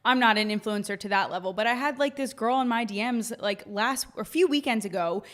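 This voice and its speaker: A woman's voice: on the high side, a little fast. Blunt, exasperated woman co-host. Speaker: podcast co-host. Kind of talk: casual podcast chat.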